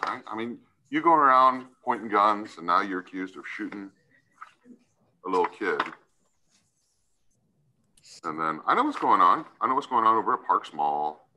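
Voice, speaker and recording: A man's voice: on the low side, animated, normal speed, long pauses, sharp tone, a little hiss or hum, rough recording. Stern man lecturing from the bench. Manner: stern, lecturing, repeats "right?". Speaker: judge. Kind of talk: courtroom hearing, addressing a defendant.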